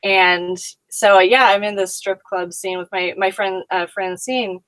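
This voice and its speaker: A woman's voice: mid-range voice, level tone, normal speed, a bit bright, no room sound, rough recording. A woman being interviewed as an actress guest, chatting casually with frequent laughs and acting out little quotes.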